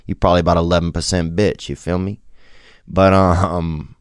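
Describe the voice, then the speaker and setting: Very deep-voiced man, halting and confessional. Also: level tone, smooth, dry recording, clean studio sound. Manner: halting, rambling, full of restarts and slang; reflective and emotionally open. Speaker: podcast host. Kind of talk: confessional storytelling.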